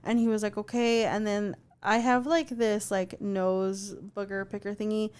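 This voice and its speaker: A young adult woman co-hosting a podcast, telling a story in an animated, chatty way, full of fillers and swearing. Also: mid-range voice, normal speed, clear, resonant tone. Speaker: podcast co-host. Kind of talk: casual chat.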